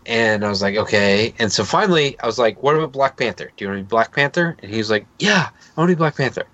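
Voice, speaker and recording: A man's voice: on the low side, fast talker, no room sound, lo-fi sound. A man in his thirties co-hosting a podcast, telling a long, rambling anecdote in a casual chat. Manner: rambling, animated anecdote with laughs and quoted voices. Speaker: podcast co-host.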